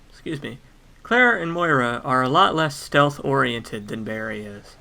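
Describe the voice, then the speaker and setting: A man's voice: mid-range voice, lively intonation, measured pace, creaky, pushed and bright. A man giving casual let's play game commentary with wry, joking asides.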